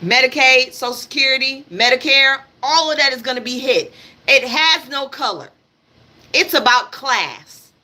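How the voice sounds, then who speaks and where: A woman's voice: high-pitched, lively intonation, moderate pace, pushed and bright. A woman hosting a live stream, giving blunt, emphatic political commentary. She repeats her points, swears freely and talks straight at her audience. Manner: addresses her audience directly. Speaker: livestream host.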